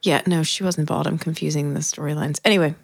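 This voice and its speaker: A woman co-hosting a podcast who teases her partner in playful banter. Her voice is on the lower side, and the recording is dry and close. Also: fairly even intonation, quick pace, vocal fry, no echo. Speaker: podcast co-host. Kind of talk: casual chat.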